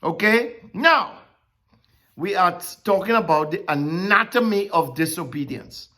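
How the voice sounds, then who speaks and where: A Bible teacher giving a conversational sermon, animated and repeatedly checking in with listeners. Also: medium pitch, measured pace. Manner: animated, keeps checking in with "okay?" and "right?".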